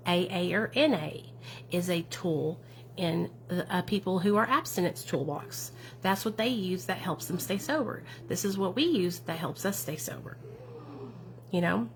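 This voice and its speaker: Woman, lowish voice, casual livestream chat, recovery advocate, encouraging, tag questions, faint background hum. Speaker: addiction recovery advocate and streamer. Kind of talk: casual livestream chat answering viewer comments.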